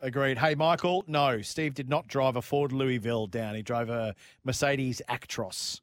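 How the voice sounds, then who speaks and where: An excitable Australian man co-hosts a radio show in casual, slangy banter. His voice sits at an ordinary middle pitch and sounds close and dry, as if it were recorded straight into a studio microphone. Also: moderate pace, dry recording. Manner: excitable, jokey, matey slang. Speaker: radio motorsport show co-host. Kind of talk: casual studio banter, reading listener texts.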